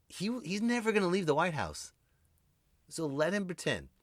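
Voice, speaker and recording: A man riffing through a comedic podcast monologue, jumping from loud bursts to muttered asides. His pitch swings widely as he goes. The sound is dry and close, with no room around it. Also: wildly swooping pitch, normal speed, dry recording. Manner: rambling and jokey, swinging between loud outbursts and muttered asides. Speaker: podcast host.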